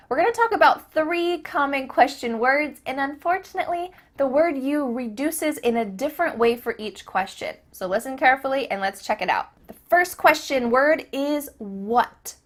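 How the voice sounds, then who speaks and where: A woman teaching English pronunciation in an upbeat way, repeating example phrases slowly for learners. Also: high voice, a bit bright. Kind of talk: pronunciation lesson.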